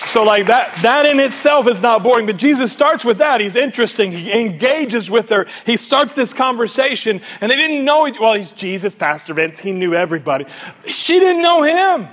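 A man preaching a sermon as pastor at a church service, animated and conversational, often quizzing the congregation. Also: sits high, a little fast, few pauses.

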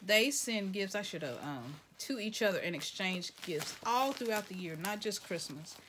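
Excitable woman with lively pitch. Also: normal speed, background noise. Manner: excitable, addresses viewers as "y'all", slips into whispers. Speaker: vlogger opening gifts. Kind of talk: casual unboxing vlog.

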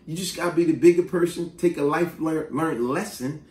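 A man casually telling a story from his school days in a slangy, animated way, with lots of asides. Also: on the high side, moderate pace. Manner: animated, street-slang storyteller who breaks into asides and acted quotes. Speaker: vlogger. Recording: roomy, distant mic.

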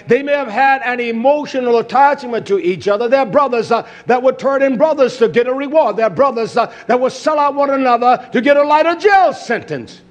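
Fiery, high-pitched preaching man. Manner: swings between loud shouting and hushed, drawn-out emphasis; confrontational, repeats key phrases. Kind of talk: fiery sermon.

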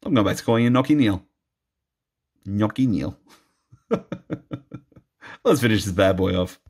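A man's voice: lowish voice, expressive, a little slow, darkish tone, husky. A man commenting casually on a trading card box opening, playful and self-mocking, laughing often.

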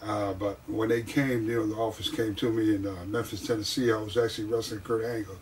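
A man telling stories from his wrestling career in a casual interview, animated and often laughing. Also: fairly low pitch, a little fast, recorded from a distance, slight background noise. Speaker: guest, wrestler.

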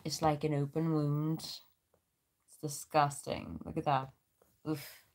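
Low-pitched woman, band member on a livestream, crude jokes, reads out comments. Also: level tone, slow, darkish tone. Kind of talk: casual livestream chat.

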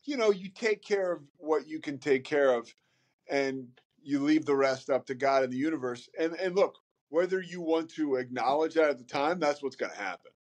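A man's voice: fairly high pitch, lively intonation, moderate pace. A man speaking as a podcast guest in casual conversation, candid and rambling, with many fillers and some swearing.

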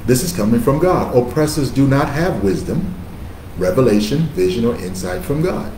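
A man's voice: medium pitch, expressive, moderate pace, mellow, slight background noise. Emphatic preacher man, echoey room. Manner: emphatic, conversational preaching with call-and-response. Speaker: pastor. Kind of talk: sermon.

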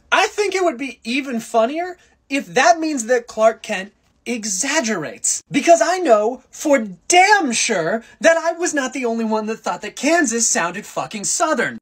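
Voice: mid-range voice, breathy edge. A creator in their twenties from the US West Coast, ranting casually and comically, swearing often and poking fun at themselves. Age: 20s. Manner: animated, swears often, self-deprecating. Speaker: TikTok creator. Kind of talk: casual comedic opinion rant.

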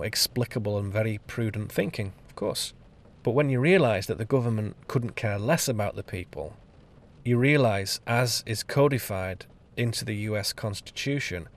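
A man giving an improvised spoken-word essay on his podcast, emphatic and sardonic, hammering out lists word by word. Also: on the low side. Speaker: podcast host and author. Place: on location.

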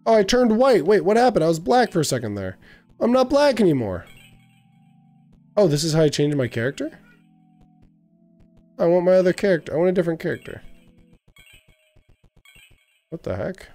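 A man's voice: high-pitched, sing-song, normal speed, long pauses, warm tone, soft background music. A young man giving casual let's-play commentary, thinking aloud and stumbling over game words. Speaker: gaming video creator.

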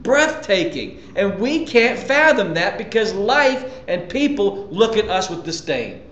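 A man delivers a sermon in a fairly high voice, pushing his points with repeated words and questions thrown at the room. The sound is roomy and dull, like a lo-fi church recording. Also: big pitch swings, measured pace, a bit bright. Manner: emphatic, conversational preaching with repetitions and rhetorical questions. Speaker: pastor.

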